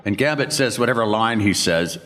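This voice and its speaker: A man's voice: fairly low pitch, lively intonation, fairly quick, fairly bright tone. An older man, a voice actor at a convention panel, telling rambling anecdotes and acting out other people's lines. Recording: long echo of a convention hall.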